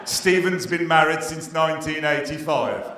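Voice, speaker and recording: A middle-aged man comparing a stage competition, telling jokes with deadpan punchlines and teasing the live audience. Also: a little high, normal speed, background noise. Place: stage in a pier theatre before a live audience.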